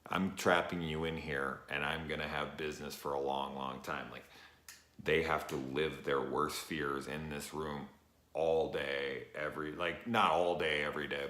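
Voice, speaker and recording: A young man giving a rambling, casual late-night review, tired, swearing often and filling pauses with ums and uhs. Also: extremely low pitch, a bit bright. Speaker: show reviewer. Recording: echoey room.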